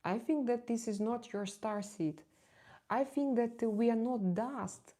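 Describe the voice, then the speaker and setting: Unhurried and mellow, this slightly high female voice comes from a tarot reader chatting casually on her live stream. She's candid and confiding and laughs easily, often stalling or repeating words as she tries to find them.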